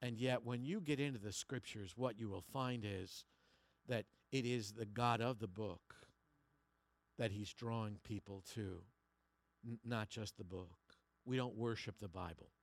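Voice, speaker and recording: A male pastor preaching a sermon, moving from quiet slow passages to loud emphatic ones and repeating words as he finds his phrasing. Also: on the low side, dry recording.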